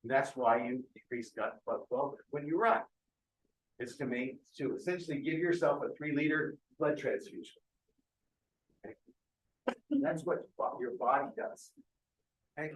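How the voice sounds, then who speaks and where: A man's voice: medium pitch, normal speed, long pauses. A man giving a keynote medical lecture, explaining step by step and often checking that the audience follows. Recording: echoey lecture hall.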